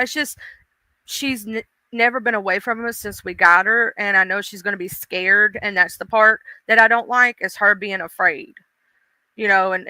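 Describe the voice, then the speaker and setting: Chatty, emotional woman streamer with a bright voice. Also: medium pitch, clean tone, dry recording. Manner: chatty, emotional, greets chat by name. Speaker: livestream host. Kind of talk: casual livestream chat.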